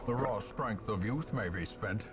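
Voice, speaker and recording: A man's voice: on the low side, a little slow, soft background music, natural voice. A man voicing a grim old gothic game narrator. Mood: ominous.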